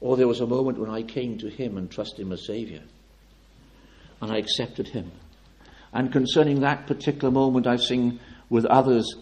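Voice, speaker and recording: A man preaching a sermon with fervent, declamatory delivery, swinging from loud emphatic peaks to low, quiet appeals. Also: fairly even intonation, moderate pace.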